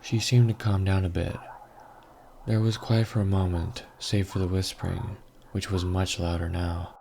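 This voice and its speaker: A man reading a scripted horror story aloud in a measured, grave first-person telling. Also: low voice, little pitch movement, creaky, noisy background. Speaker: story narrator.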